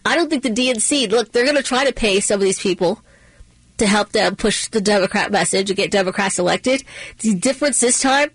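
A woman hosts a political talk radio show and speaks with emphatic, punchy repetition. Her voice sits on the higher side. It is recorded dry and close on a studio microphone. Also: dry recording, poor audio. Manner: emphatic, repeats phrases for punch.

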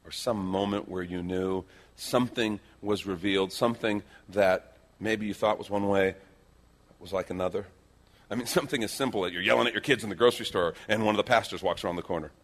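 A middle-aged male pastor preaching a sermon, telling stories with lively changes between loud acted-out lines and hushed quiet moments. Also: fairly low pitch, brisk. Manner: animated storytelling, acting out quoted lines, dropping to hushed tones.

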